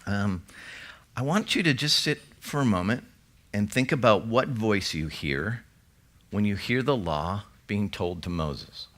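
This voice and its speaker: A pastor delivering a sermon in a fairly low, conversational voice. He reads scripture aloud and breaks off for quick asides to the people in front of him. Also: expressive, fairly bright tone. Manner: conversational preaching with scripture readings.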